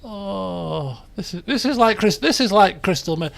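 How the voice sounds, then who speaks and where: Chatty man, high and lively. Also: unhurried, vocal fry. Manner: chatty, thinks aloud, jokey and self-mocking. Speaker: game streamer. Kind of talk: casual let's play commentary.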